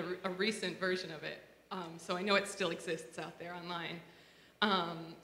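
A woman's voice: mid-range voice, pushed and bright. A woman giving a reflective personal talk in a conversational way, with many fillers and restarts. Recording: echoey room with long reverb, faint noise.

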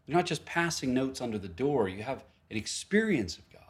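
Animated male pastor telling a story. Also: medium pitch, fairly quick. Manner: conversational storytelling with frequent asides and restarts. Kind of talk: sermon.

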